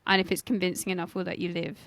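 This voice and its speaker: A woman's voice: lowish voice, flat delivery, racing, creaky, a bit bright, no room sound. Chatty young Englishwoman co-hosting. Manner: chatty, narrating facts with jokes. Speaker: podcast co-host. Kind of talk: casual history podcast chat.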